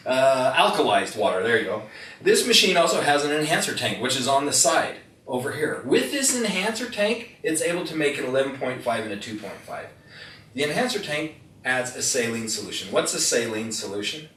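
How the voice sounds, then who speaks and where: During a live product demonstration in an indoor room, a man with a mid-range, very animated, brisk, slightly bright voice entertains the audience. He plays the folksy storyteller and quizzes the crowd. Audio is echoey, with a distant mic and faint noise.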